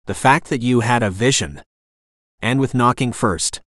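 A gruff, dry-humored immortal warrior, voiced by a male narrator in a storybook. He growls his lines and answers curtly, in a mid-pitched voice. The sound is dry and close. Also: moderate pace, fairly bright tone, no echo, close to an everyday voice. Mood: irritated.

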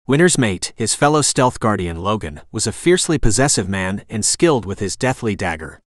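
A man narrating an audiobook in a measured, steady way. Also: fairly low pitch, no echo, studio quality. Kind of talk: scripted narration.

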